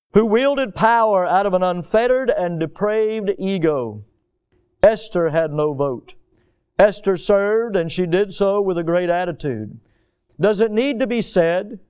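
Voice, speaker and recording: Pastor, male, higher voice, smooth and resonant, earnest sermon delivery. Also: a little mellow. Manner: earnest preaching, slows for emphasis on key phrases.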